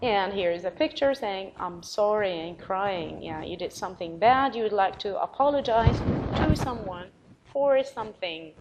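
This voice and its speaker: A woman teacher with an Arabic accent giving a recorded English vocabulary lesson, encouraging, spelling words out letter by letter and repeating them slowly. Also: medium pitch, lively intonation, background noise.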